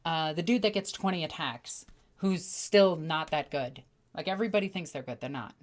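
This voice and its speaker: A woman with a slightly low voice chats on a home livestream, talking to her viewers. She tells stories with excitable, animated energy and sometimes acts out the people in them. Her delivery is loose and conversational, with quick bursts of speech. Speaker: streamer. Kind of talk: casual livestream chat.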